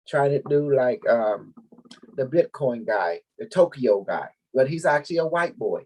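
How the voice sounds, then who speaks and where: A man's voice: mid-range voice, lively intonation, unhurried, darkish tone. Guy rambling to his group, lots of and and you know, average voice. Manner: rambling, repeats words, mixes languages. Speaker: group leader. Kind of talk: casual spiritual talk to followers.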